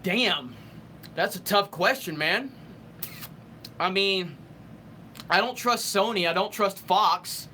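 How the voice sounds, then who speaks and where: A young man with a high, sharp voice runs a live stream and answers viewer questions. He rants hotly and swears freely. He stumbles and restarts when he has to think something through. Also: slow, long pauses, a little hiss or hum. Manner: heated, ranting, profane. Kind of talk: casual live stream chat reading super chats.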